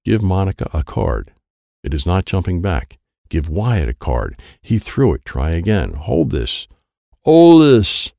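A man's voice: low voice, sing-song, a little slow, creaky, warm tone, no echo, clean studio sound. A man reading a children's chapter book aloud in the first person. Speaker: storybook narrator.

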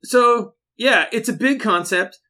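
A man's voice: very high-pitched, unhurried, bright, forceful tone. A man co-hosting a casual chat, rambling and joking with lots of restarts. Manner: rambling, jokey, many restarts. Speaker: podcast co-host.

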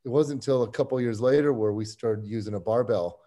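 Chatting as a podcast guest, a strength coach shares his story in a warm, mellow voice of ordinary pitch, talking a little fast. He's easygoing and rambling, restarting sentences and chuckling softly and often in this casual interview.

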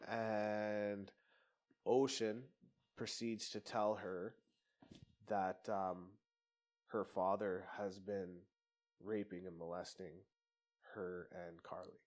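A man's voice: deep voice, little pitch movement, takes it slowly, long pauses, darkish tone. Male podcast guest, casual storyteller, rambling and profane, plain voice.

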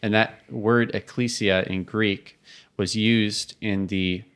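A man's voice: on the low side, steady tone, slow, a bit bright, smooth. A man co-hosting a casual podcast, explaining ideas and laughing easily. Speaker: podcast co-host.

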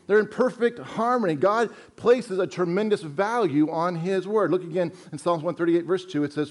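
High-voiced man preaching a sermon. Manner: earnest, emphatic preaching with repeated phrases. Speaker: pastor.

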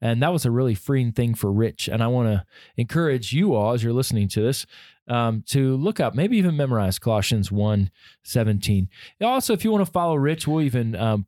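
A man's voice: mid-range voice, mellow, no room sound, clean studio sound. A man co-hosting a podcast for pastors, chatting casually and recapping resources with easy fillers. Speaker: podcast co-host.

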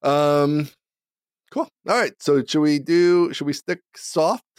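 A man's voice: on the high side, takes it slowly, darkish tone, clean tone, dry recording, studio quality. A man co-hosting a casual podcast over a remote call, easygoing and thinking aloud. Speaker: podcast co-host. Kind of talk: casual chat.

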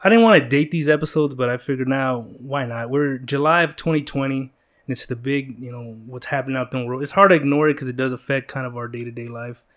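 A man's voice: medium pitch, fast, a bit bright. A man hosting a casual podcast chat, rambling and joking with many fillers and restarts. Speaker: podcast host.

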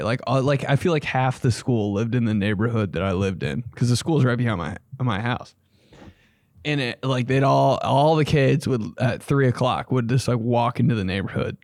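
A man's voice: mid-range voice, darkish tone, dry recording, clean studio sound. A man hosting a comedy podcast, telling stories in a rambling, profane way and acting out the people he quotes. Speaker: podcast host and stand-up comedian. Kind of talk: casual comedic storytelling.

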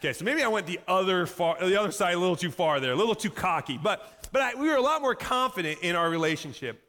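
A pastor telling a personal story in a sermon, animated and self-mocking, laughing often at himself. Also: male voice, fairly high pitch, quick pace, few pauses. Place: church sanctuary. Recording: echoey hall reverb.

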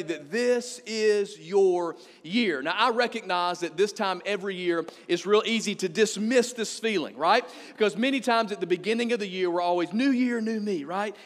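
A pastor with a high, bright-edged voice preaches with energy. He leans hard on the scripture he quotes. His voice rings out with a long reverb through the hall. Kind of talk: sermon.

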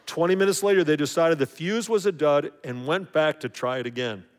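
Pastor preaching in a reverberant hall. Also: male voice, on the high side, a little fast. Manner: conversational, acts out voices of others. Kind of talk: sermon.

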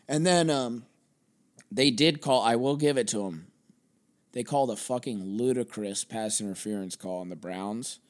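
A man's voice: mid-range voice, moderate pace. Casting: young guy, sports podcast host, rambling profane rants, mid-range voice. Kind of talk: solo sports podcast rant.

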